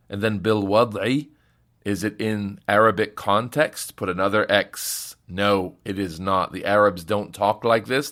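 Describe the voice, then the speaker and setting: Patient man teaching grammar, low voice. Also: fairly bright tone. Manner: patient, step-by-step explaining, reading Arabic then translating. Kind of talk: recorded grammar lesson.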